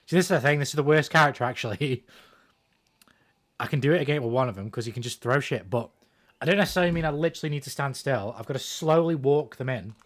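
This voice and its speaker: A man streaming a fighting game, swearing casually and thinking out loud about his strategy. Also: mid-range voice, fast talker. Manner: profane, thinks out loud, self-deprecating. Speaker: gaming streamer. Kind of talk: casual commentary while playing a fighting game.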